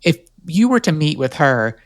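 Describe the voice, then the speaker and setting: A man's voice: on the high side, very animated, normal speed. A man hosting a podcast, asking curious follow-up questions in a casual interview. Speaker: podcast host.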